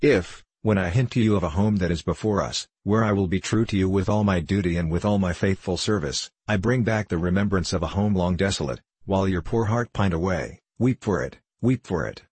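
A tender young daughter who pleads in earnest, imploring phrases, as a man reads her in his own low voice. The voice is low and husky, and the sound is dry and close. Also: brisk, few pauses, a little mellow, dry recording.

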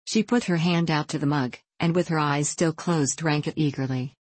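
A woman with a low voice narrates an audiobook, reading a scripted story in a steady, measured manner. There's no room sound.

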